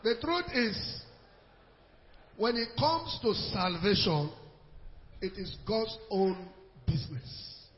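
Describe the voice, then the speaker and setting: Slow high-voiced male preacher, echoey hall. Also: big pitch swings, slight background noise. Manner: deliberate, emphatic, quotes scripture. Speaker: pastor. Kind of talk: sermon-style answer to a congregation question. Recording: echoey hall, dull lo-fi sound.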